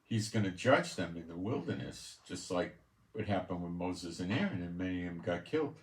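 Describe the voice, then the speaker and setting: A man's voice: low voice, expressive, fairly quick. A man preaching from scripture, reading verses aloud and adding blunt, scornful commentary. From Israel. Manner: blunt and scornful, stressing scripture passages loudly. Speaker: preacher and Bible teacher. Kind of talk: Bible-reading sermon with commentary. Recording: echoey room.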